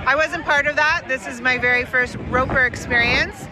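A woman's voice: high-pitched, normal speed, a crowd in the background, poor audio. A woman interviewed outdoors at a tailgate, explaining something in a chatty way. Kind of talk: clip from a field interview. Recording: outdoor field recording with noise.

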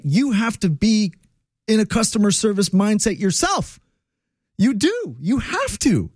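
A man's voice: high voice, a little mellow, no room sound, studio quality. A man hosting a talk radio show, giving an emphatic, rambling, opinionated monologue on air. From Quebec, Canada.

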